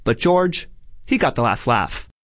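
A man's voice: mid-range voice, very animated, unhurried, noisy background. A man narrating a radio story in a scripted, wry and playful way.

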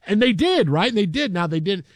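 A man's voice: high voice, big pitch swings, brisk, no room sound, studio quality. A man hosting a sports talk show who tells stories casually and animatedly, acting out the people he quotes. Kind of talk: casual storytelling.

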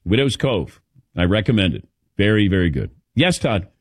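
Lively middle-aged man hosting sports radio. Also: lowish voice, moderate pace, no echo, clean studio sound. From American Midwest. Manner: lively storytelling with laughs. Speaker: radio show host. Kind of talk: casual sports radio banter.

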